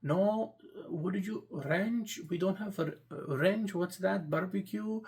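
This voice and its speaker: A man voicing a confused young male student clerk at a counter, with a put-on Indian accent and halting questions. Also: sits high, a little mellow, pitched above the performer's own voice.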